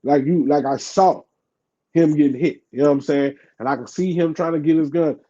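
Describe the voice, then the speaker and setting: Animated New Orleans man telling a story. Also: fairly high pitch, fairly quick. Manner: animated, acts out quoted voices, heavy fillers. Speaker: podcast guest. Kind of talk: casual storytelling interview. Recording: dull lo-fi podcast audio.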